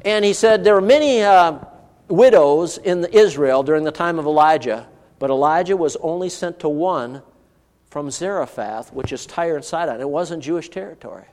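A man's voice: on the high side, normal speed, darkish tone, long reverb tail. A man preaching a sermon, asking the congregation rhetorical questions as he goes. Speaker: pastor.

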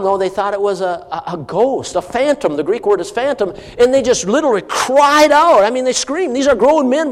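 Man preaching in a reverberant hall. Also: a little high. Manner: conversational preaching, rising to emphatic bursts. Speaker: pastor. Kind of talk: expository sermon.

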